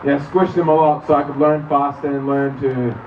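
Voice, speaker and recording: A young Australian man giving an earnest, nervous, halting protest speech outdoors. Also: fairly high pitch, flat delivery. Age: young adult. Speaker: rally speaker. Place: outdoor street rally in rain. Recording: distant muffled mic, loud crowd and noise.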